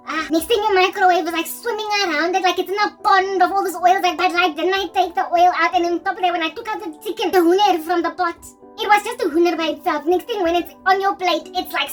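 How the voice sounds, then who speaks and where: A young South African woman with a South African accent, rambling through an animated, casual story and mixing in local words. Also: extremely high pitch, recorded from a distance. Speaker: Christian vlogger.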